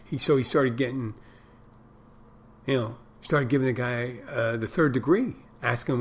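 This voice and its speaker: A man's voice: mid-range voice, normal speed, slight background noise. A middle-aged man hosting a podcast, rambling through stories and crude jokes in a casual monologue. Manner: meandering storyteller, tells crude jokes. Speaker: podcast host.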